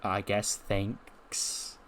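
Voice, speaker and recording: Stone-faced, quiet woman wrestler, voiced by a male narrator. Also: mid-range voice, a little fast, natural voice. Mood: deadpan. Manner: flat and unimpressed. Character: deadpan, serious woman wrestling champion.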